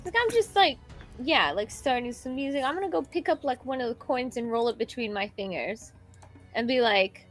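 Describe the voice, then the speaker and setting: A woman's voice: a little high, normal speed, soft background music. A woman playing a tabletop game, rambling with lots of fillers and giggles. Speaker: player. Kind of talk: casual tabletop game play.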